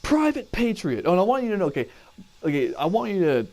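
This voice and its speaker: A man's voice: sits high, sing-song, racing, a little mellow. A man telling a personal story casually, rambling, cursing and often correcting himself.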